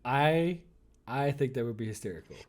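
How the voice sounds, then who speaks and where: A man hosting a casual live-streamed podcast, playful and quick to laugh as he reads chat comments aloud. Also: mid-range voice, animated, a little hiss or hum. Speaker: podcast host.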